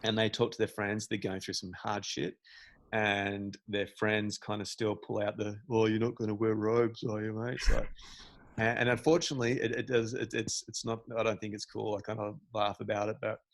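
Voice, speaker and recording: A man, a meditation teacher, talking as a podcast guest, animated and emphatic. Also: lowish voice, moderate pace, creaky, no room sound. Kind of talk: casual podcast conversation.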